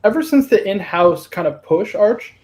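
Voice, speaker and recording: A man co-hosts a casual livestream chat, speaking in an easygoing way with firm opinions. His voice sits a little on the high side. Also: expressive, normal speed, darkish tone. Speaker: co-host. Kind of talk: casual watch-talk livestream.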